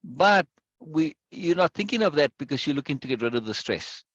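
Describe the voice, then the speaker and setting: A man's voice: on the high side, big pitch swings, fairly quick, no room sound. A man leading a discussion in a reflective, explanatory teaching talk, often checking in with his listener. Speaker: discussion leader. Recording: dull, dry lo-fi recording.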